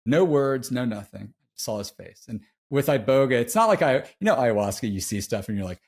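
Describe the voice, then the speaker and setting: A man's voice: mid-range voice, animated, fairly quick, darkish tone. A middle-aged man telling a personal story as a podcast guest, laid-back and slangy, heartfelt and confessional. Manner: laid-back, slangy, peppers speech with "dude". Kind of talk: casual interview storytelling.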